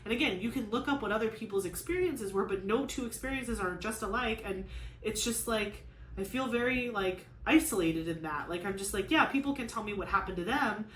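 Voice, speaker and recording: A woman talks casually on her crafting channel, venting in a rambling way full of "like". Her voice sits at an ordinary pitch and bounces around a reverberant room. A faint room ambience hums underneath. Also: fairly quick, fairly bright tone, slight background noise. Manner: rambling, lots of "like", frustrated venting. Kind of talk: casual chat while crafting.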